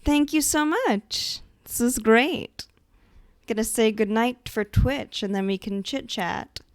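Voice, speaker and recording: A woman's voice: a little high, slow pace, no echo, clean studio sound. A woman narrating as game master of a tabletop game, speaking hesitantly with many fillers. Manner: hesitant, lots of fillers and restarts.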